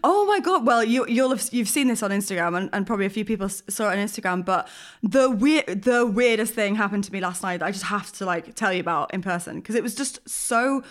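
A woman co-hosting a podcast, telling a story in a rambling, animated way full of fillers. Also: mid-range voice, quick pace. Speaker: podcast co-host. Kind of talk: casual chat, storytelling.

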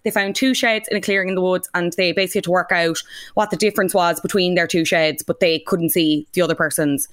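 A woman hosting a podcast, recapping in a brisk, teasing way with plenty of asides. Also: on the low side, fairly even intonation, fairly bright tone. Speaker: podcast host. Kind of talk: casual recap chat.

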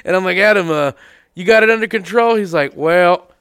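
A man's voice: high voice, fast talker, fairly bright tone, smooth. A man in casual podcast chat, telling a story with acted-out quotes, swearing and laughing.

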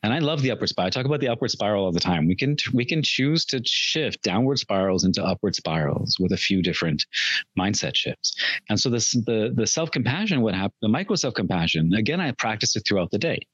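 A man's voice: fairly low pitch, very animated, fast talker, husky, no echo, dull audio. A middle-aged man talking as a podcast guest in a reflective, earnest way, often restarting his sentences and laughing at himself. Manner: earnest, warm self-talk with frequent restarts and laughs. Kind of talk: reflective conversational chat.

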